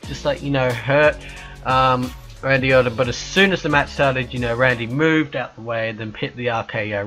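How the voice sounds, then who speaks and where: A man's voice: medium pitch, pushed and bright, soft background music. A young man casually reviewing wrestling matches on his own show, rambling and joking, often correcting himself mid-sentence. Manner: rambling, quick, jokey with self-corrections. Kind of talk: casual solo review chat.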